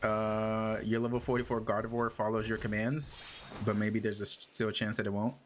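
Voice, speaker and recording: A man casually chatting to his viewers while playing a game, with hiccups and frequent throat clearing. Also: lowish voice, fairly quick, slight background noise. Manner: relaxed, chatty, answers chat questions. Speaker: streamer. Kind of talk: casual gaming livestream chat.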